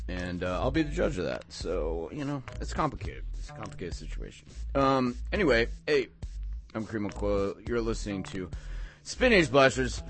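A man's voice: mid-range voice, a bit bright. A man filling in as a late-night radio DJ, chatting casually about punk records with rambling, enthusiastic tangents. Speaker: guest radio DJ.

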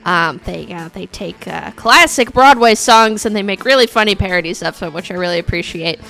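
A woman's voice: medium pitch, brisk, gravelly, pushed and bright, faint music behind. A woman radio host with a scratchy, coughing voice, back-announcing songs in a rambling, chatty way full of fillers.

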